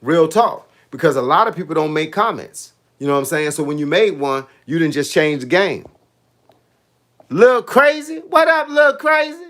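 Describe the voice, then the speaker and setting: A man in his late fifties, a boxing coach hosting a casual livestream, reading comments and giving animated, preachy advice in street slang. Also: a little high, brisk, hardly any pauses. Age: 50s.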